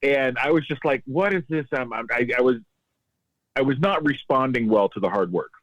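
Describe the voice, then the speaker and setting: A man's voice: medium pitch, moderate pace, a bit bright, dry recording. A man, a podcast guest, telling a reflective personal story in casual conversation. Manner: reflective, quotes voices in anecdotes. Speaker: podcast guest, tax advisor. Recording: dull lo-fi dry sound.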